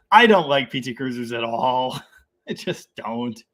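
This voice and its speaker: A man's voice: mid-range voice, lively intonation, slow. A man hosting a casual live stream about cars, reading out viewer comments, laughing often and rambling with enthusiasm. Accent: Canadian.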